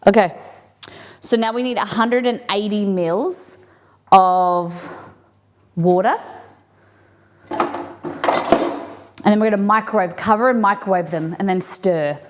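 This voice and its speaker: A woman's voice: medium pitch, takes it slowly, pauses often, slight background noise. A woman hosting a live cooking stream, chatting casually and thinking aloud as she works in a home kitchen.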